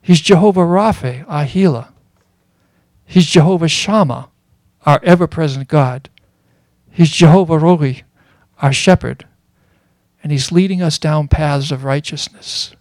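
A man giving a sermon as a Bible teacher, earnest and explanatory, pausing often with fillers. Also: on the high side, a little mellow, no room sound.

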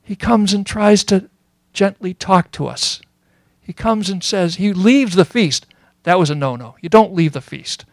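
Earnest male preacher, slightly high voice. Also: dry recording. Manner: earnest and explanatory, with frequent pauses and fillers. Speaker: Bible teacher. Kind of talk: sermon.

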